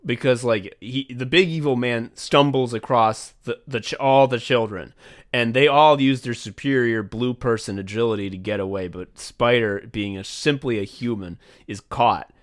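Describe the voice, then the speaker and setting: A man co-hosting a podcast in casual chat, animated, laughing often and swearing a lot. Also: mid-range voice, normal speed. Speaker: podcast co-host.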